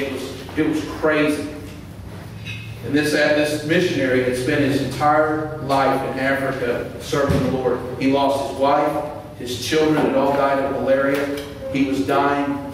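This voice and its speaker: A man's voice: mid-range voice, a little hiss or hum. A man preaching a sermon as pastor, talking conversationally and building to impassioned emphasis. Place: church sanctuary. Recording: echoey church hall, mic far off.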